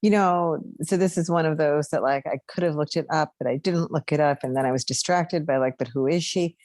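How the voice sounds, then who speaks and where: Low-voiced chatty woman who laughs often. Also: fairly quick, darkish tone, dry recording. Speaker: podcast co-host. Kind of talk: casual chat.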